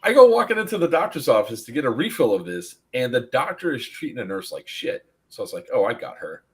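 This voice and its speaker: A podcast host talks fast at a medium pitch while hosting a casual live stream. He tells a story animatedly, laughing a lot and acting out voices in the anecdote.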